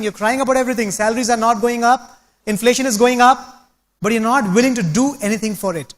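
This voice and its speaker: A man's voice: very high-pitched, quick pace, fairly bright tone. A man giving an emphatic, preachy motivational stage talk, repeating phrases for effect. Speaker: motivational speaker.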